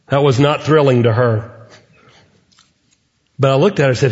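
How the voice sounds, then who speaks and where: A middle-aged man delivers an earnest sermon, pausing between phrases. His mid-range voice rings through a large hall with a long reverb tail. The sound is slightly muffled. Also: mid-range voice. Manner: earnest preaching with deliberate pauses. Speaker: pastor.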